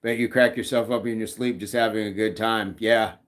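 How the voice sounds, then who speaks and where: A man's voice: lowish voice, fairly even intonation, a little fast. Jokey man hosting a live chat. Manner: jokey, laughs often, reads chat messages aloud. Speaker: livestream host reading chat.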